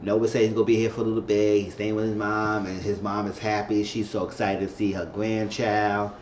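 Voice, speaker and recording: A man's voice: flat delivery, a little fast, a little mellow. Chatty man recapping a show in a roomy room. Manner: chatty, repeats himself, acts out characters' lines in a high falsetto. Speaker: TV episode reviewer. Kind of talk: casual episode recap. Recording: muffled, roomy recording with faint hiss.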